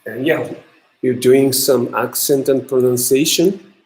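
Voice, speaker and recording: Guy teaching a class, slow and halting, lots of ums, echoey room. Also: mid-range voice, steady tone, darkish tone. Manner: halting, many ums and uhs. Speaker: university lecturer. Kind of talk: classroom lecture on pronunciation.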